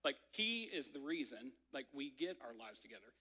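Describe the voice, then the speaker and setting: Man preaching in a church, chatty storyteller, bright ringing voice, long hall echo. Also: mid-range voice, moderate pace. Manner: conversational, many "like" fillers, animated storytelling. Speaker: pastor. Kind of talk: sermon with personal story. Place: church sanctuary.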